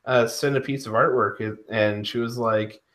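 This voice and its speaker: A woman with a strikingly low voice co-hosts a relaxed chat. Her manner is easygoing and agreeable, often with brief replies. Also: moderate pace. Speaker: podcast co-host. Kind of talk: casual chat.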